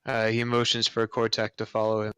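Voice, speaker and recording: A man playing in a tabletop game, describing his character's actions slowly and levelly. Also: on the low side, completely flat delivery, sharp tone, clean tone, dry recording, poor audio. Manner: slow, level narration with fillers. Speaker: player.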